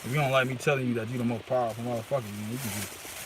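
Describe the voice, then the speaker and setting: A man's voice: mid-range voice, fairly even intonation, very fast, very noisy. Man swearing into a phone outdoors. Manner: profane, grandiose, conversational, frequent "you know what I mean". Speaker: vlogger. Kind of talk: rambling outdoor phone monologue. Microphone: handheld phone.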